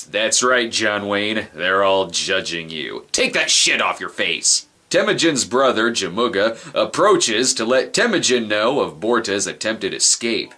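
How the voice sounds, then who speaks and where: A man's voice: on the low side, bright, forceful tone. A man hosting a comedic movie review, sarcastic and wisecracking. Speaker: film reviewer host.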